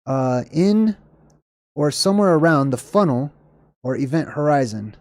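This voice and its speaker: A slightly hoarse man talks through ideas on a livestream, loose and wandering, stopping to hunt for words and apologize. His voice sits a bit high but sounds soft and mellow. The sound is close and dry, with no room echo. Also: expressive, a little slow. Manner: searches for words, self-correcting, apologetic. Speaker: livestream host answering chat. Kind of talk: casual rambling explanation.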